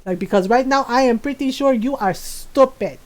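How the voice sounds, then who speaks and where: A woman's voice: on the high side, moderate pace, close to an everyday voice. Woman doing a fierce little mom. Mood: stern, threatening. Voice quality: broken English, clipped and commanding. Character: stern little Filipino mother, fierce and blunt.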